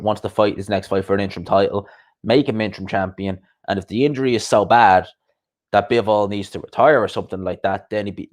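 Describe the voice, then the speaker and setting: A man with a lowish voice hosts a casual live-stream chat. He rambles in a conversational way, reading out viewers' comments and answering them as he goes. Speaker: host of a live boxing chat show.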